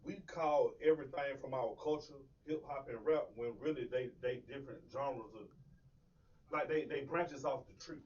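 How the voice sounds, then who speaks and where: A man chatting as a podcast guest, telling stories with halting restarts. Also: mid-range voice, darkish tone, husky. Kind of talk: casual chat. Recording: distant, dull lo-fi sound.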